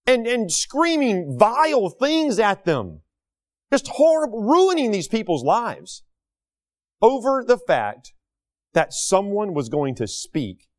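A talk show host with a fairly high voice delivers an indignant opinion monologue. His pitch swings widely, and he hammers his points home with rhetorical questions and repetition.

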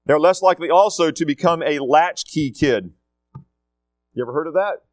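A man's voice: fairly high pitch, normal speed, dry recording. Emphatic middle-aged man. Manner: emphatic, repeats key phrases, acts out quotes. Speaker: school leader addressing students. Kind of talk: casual motivational talk.

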